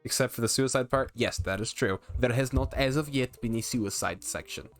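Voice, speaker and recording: A streamer chatting casually and thinking out loud while playing a visual novel. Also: medium pitch, a little fast, faint music behind. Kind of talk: casual game commentary.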